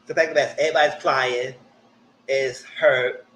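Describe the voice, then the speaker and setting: A young man, hosting a live reality TV recap in casual commentary with animated, exaggerated re-enactments. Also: medium pitch, a little slow, slight background noise, rough recording.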